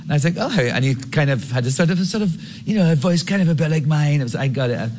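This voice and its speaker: A man's voice: on the high side, expressive, fast talker, a little mellow. A man telling a funny anecdote in an interview, laughing as he goes. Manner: amused, laughing storyteller. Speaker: guest actor telling an anecdote. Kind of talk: storytelling in an interview clip.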